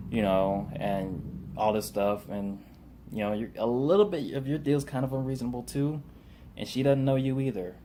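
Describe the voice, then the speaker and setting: A man with a fairly low voice gives a loose, rambling recap of a TV episode. He leans heavily on fillers and restarts, and retells scenes through quick paraphrased quotes. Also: darkish tone, slight background noise. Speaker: TV show reviewer.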